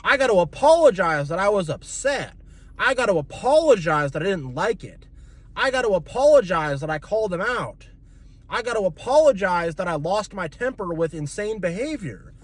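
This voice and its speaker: A man's voice: high voice, big pitch swings, normal speed, no room sound. A man venting in an emotional vlog rant, agitated and repetitive, with many fillers like "like" and "you know". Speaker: vlogger.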